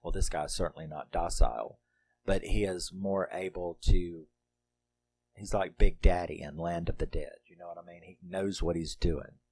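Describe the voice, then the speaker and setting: A man's voice: sits low, moderate pace, darkish tone, slight background noise. A middle-aged man reviewing a horror movie in casual, rambling talk, laughing often and swearing freely.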